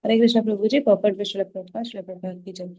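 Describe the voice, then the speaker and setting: A woman's voice: mid-range voice, fairly even intonation, rapid-fire, warm tone. A woman reading a commentary aloud in an online class, careful, with small slips and restarts. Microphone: video call.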